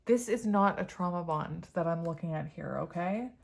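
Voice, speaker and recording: A woman with a slightly low voice gives a tarot reading to her viewers, talking casually and laughing often. She reads each card message aloud, then chats about what it might mean. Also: moderate pace, gravelly, a little mellow. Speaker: tarot reader.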